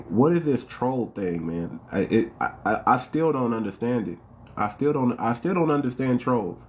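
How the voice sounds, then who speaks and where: A man hosting a livestream in a loose, rambling way, circling back over his own words and throwing questions at his viewers. His voice sits at an ordinary middle pitch. A faint hum of ambient noise runs underneath. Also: a little mellow. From United States. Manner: rambling, repeats phrases, fires off rhetorical questions; calls out to viewers by name. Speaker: livestream host. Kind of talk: casual livestream talk.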